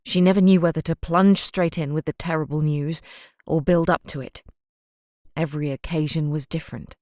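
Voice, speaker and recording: A woman narrating an audiobook with steady, restrained storytelling. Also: low voice, normal speed, no room sound, clean studio sound. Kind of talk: scripted narration.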